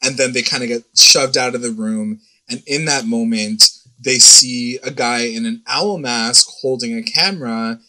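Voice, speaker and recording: A young man chatting casually as a co-host, retelling a TV episode in a rambling, animated way, full of fillers and little quoted voices. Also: mid-range voice, a little slow, hardly any pauses, low-quality recording. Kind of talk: casual chat.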